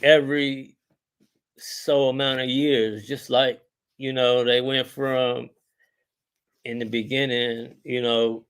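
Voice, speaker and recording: Middle-aged male rapper guest, relaxed and rambling, slangy, mid-pitched. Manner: laid-back, rambling, heavy on filler words and slang. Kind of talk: casual podcast interview.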